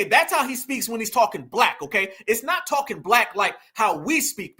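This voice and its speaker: A man's voice: extremely high pitch, sharp tone. A man giving emphatic online commentary, fired up and firing rhetorical questions at his audience.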